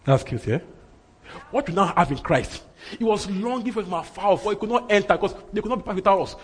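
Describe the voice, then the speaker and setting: A man's voice: high-pitched, lively intonation, quick pace, slight background noise. A man preaching a sermon, emphatic and repeating his phrases for effect. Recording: reverberant hall.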